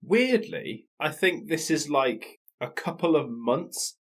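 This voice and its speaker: A man's voice: fairly high pitch, sing-song, takes it slowly, a bit bright. A man, co-hosting a podcast, giving dry, sardonic running commentary in casual chat. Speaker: podcast co-host. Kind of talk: casual chat watching wrestling.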